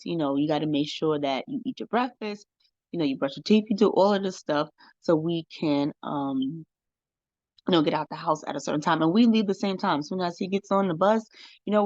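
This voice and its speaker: Low-voiced woman podcast host, chatty. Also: darkish tone, dry recording, dull audio. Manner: chatty, frequent "right?" and "you know". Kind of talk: casual storytelling monologue.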